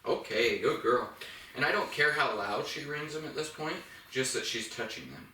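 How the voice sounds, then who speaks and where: A man's voice: fairly high pitch, fairly quick. A man working as a dog trainer, giving step-by-step instructions while he demonstrates with a dog indoors. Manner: explains step by step, bright praise to the dog. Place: indoors in a home. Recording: roomy, from a distance.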